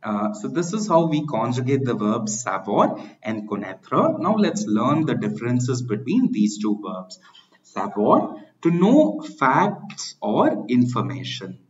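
A man's voice: medium pitch, sing-song, slow, highs cut off. A man teaching French grammar in English, explaining patiently and spelling out words letter by letter. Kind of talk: grammar lesson.

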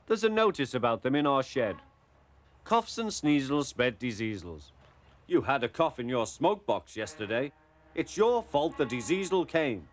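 A man voicing a fussy male twin engine who talks quickly and accusingly. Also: mid-range voice, very animated.

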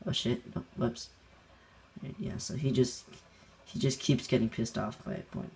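Young male gamer narrating his own match, loose and rambling, chuckles a lot, middle-pitched everyday voice. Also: moderate pace, darkish tone. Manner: rambling, laughing, many fillers and restarts. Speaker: gaming channel host. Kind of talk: casual gameplay commentary.

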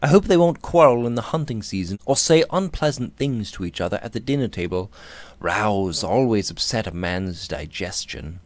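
A man reading the part of an easygoing young English gentleman, with a drawling, indifferent and mildly amused manner. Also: lowish voice, lively intonation, normal speed, close to an everyday voice. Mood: lazy musing.

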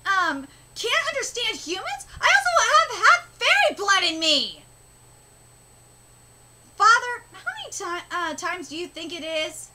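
A woman reading the lines of a young male half-fairy knight, in a flat, sulky, scolding manner, over a noisy recording. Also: extremely high pitch, a little slow, heavily acted.

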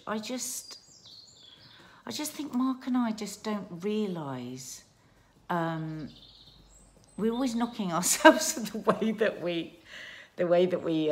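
A middle-aged woman chatting warmly in a casual family vlog, emotional and restarting her sentences as she talks. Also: on the low side, a little hiss or hum. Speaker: vlogger. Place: garden outdoors.

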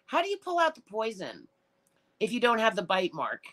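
Animated ranting woman, emotional and profane. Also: fairly high pitch, moderate pace. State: tearful and upset. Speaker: livestream host reading chat. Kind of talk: casual live-stream chat.

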